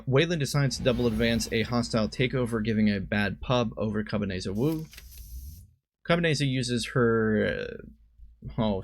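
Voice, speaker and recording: A man giving casual commentary on a card game, thinking aloud and often stopping to correct himself. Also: medium pitch. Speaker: streamer and commentator.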